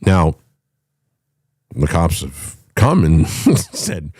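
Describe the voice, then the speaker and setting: A man's voice: deep voice, huge pitch swings, very slow, pauses often, a little mellow, breathy edge, dry recording. A man from the United States ranting in a blunt, combative way, with a lot of swearing. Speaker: podcast host. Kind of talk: unscripted rant.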